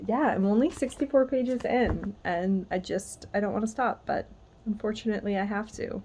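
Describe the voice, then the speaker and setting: A woman with a mid-range, slightly mellow voice and a breathy edge talks at normal speed. She's a book vlogger chatting casually about what she's reading, gushing, chatty, and saying "like" constantly.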